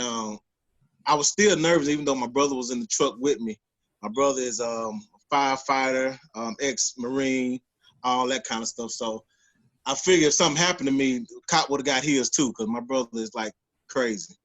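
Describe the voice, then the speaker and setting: Guy on a podcast telling a story, keeps jumping into loud impressions of people, medium-pitched voice. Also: normal speed, rough recording. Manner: animated retelling, acts out quoted voices loudly. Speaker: podcast co-host. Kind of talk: casual storytelling rant.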